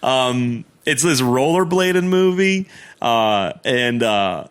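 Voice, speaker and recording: A man's voice: medium pitch, expressive, slow, a bit bright, clear, resonant tone. A young adult man co-hosting a podcast, telling stories in loose, slangy casual chat and laughing often. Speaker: podcast co-host.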